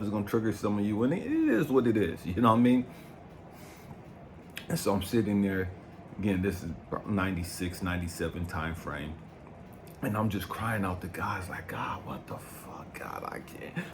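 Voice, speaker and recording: A man in his fifties, a life coach giving a blunt, profane motivational talk. He swings from low brooding to loud, fired-up preaching. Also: slight background noise. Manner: blunt and profane, keeps asking "you know what I mean". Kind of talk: impassioned motivational monologue.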